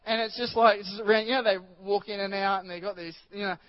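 A man's voice: high voice, fairly even intonation, fast talker, highs cut off. A male pastor preaching a chatty sermon in church, rambling with many restarts and asides to the congregation.

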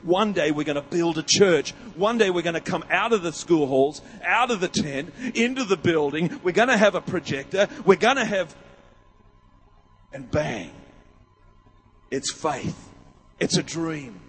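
A man's voice: a little high, animated, measured pace. A man preaching a sermon, emphatic and rousing, with many rhetorical questions. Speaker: pastor. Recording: long hall reverb.

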